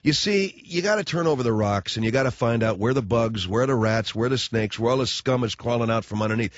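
A man's voice: medium pitch, a little fast, dry recording. Brief: blunt, sarcastic male radio host ranting into a studio mic, dull dry sound. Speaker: radio talk show host. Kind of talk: talk radio monologue.

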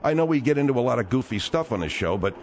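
A man's voice: medium pitch, expressive, fast, a little mellow, a little hiss or hum. A man hosting a comedy radio talk show, hesitant and soothing, often stammering over his words.

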